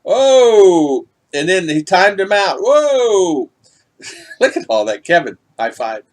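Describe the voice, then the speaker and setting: A man's voice: high-pitched, big pitch swings, takes it slowly. A middle-aged man hosting a casual livestream, chatting and greeting viewers in the chat by name. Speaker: vlog host reading live chat.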